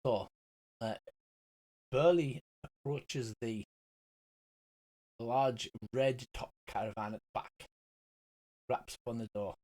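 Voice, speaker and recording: A man's voice: mid-range voice, unhurried. A man running a tabletop game as game master, narrating with many hesitations. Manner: hesitant, lots of ums.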